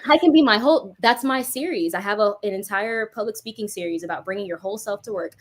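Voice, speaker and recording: Animated woman telling a story. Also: medium pitch, quick pace. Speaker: guest, music artist. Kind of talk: casual interview talk.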